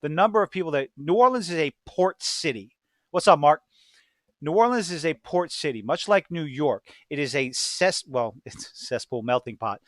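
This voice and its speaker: A man with a Cajun accent chats loosely and swears freely, wandering from one tangent to the next. His voice sits a little high for a man. The sound is dry and close, with no room echo. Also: animated, moderate pace, fairly bright tone. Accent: Louisiana Cajun. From Louisiana. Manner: profane, rambling, goes off on tangents. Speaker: podcast host. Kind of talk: casual chat.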